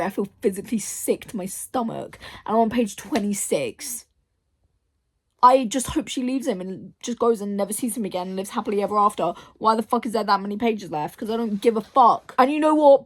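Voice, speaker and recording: A woman's voice: a little high, a little fast. A young woman vlogging casually about her reading, ranting and swearing freely. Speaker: book vlogger. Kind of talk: casual reading vlog chat.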